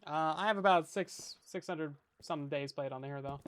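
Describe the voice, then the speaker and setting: A young Canadian man, his voice fairly high and fairly bright at a normal speed, streams a survival game from a hot bedroom. He chats with viewers in casual, jokey, self-deprecating commentary, with slight background noise in the recording.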